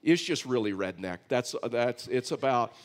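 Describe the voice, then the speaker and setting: A man's voice: mid-range voice, lively intonation, moderate pace. A man from Texas with a Texan accent, preaching a conversational, storytelling sermon as pastor.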